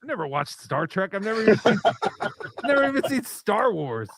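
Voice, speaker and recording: A man hosting a live stream, relaxed as he takes callers and thanks donors. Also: high-pitched, fairly quick. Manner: relaxed, reads out callers and donations. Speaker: live-stream show host. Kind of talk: casual live-stream chat.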